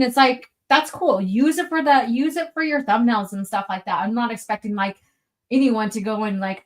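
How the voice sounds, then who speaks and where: A woman's voice: medium pitch, fairly quick. A young woman hosting a casual live stream from home, reading chat aloud, laughing often and swearing freely as she rambles. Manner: giggly, swears a lot, rambling. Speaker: livestream host reading chat. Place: at home, indoors.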